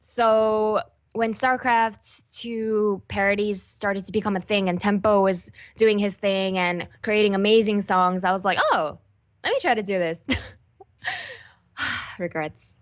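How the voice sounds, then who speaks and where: A young woman esports host answering interview questions in an animated, self-deprecating way. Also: medium pitch, measured pace, dull audio.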